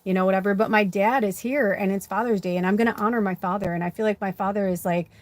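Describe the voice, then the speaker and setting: Woman medium just venting mid card reading, swears a lot, says like a lot, repeats stuff for emphasis, normal pitched voice. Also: steady tone, quick pace. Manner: blunt and profane, with frequent "like" and "you know"; emphatic, repeating phrases for effect. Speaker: spiritual medium and card reader. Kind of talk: candid personal monologue during a card reading.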